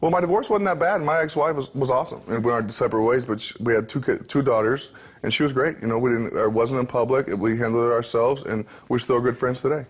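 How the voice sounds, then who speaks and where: A man's voice: mid-range voice, fast, few pauses, husky. A man in his thirties, a professional football player, talking candidly and easily as an interview guest, with many fillers and restarts. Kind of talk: relaxed interview talk.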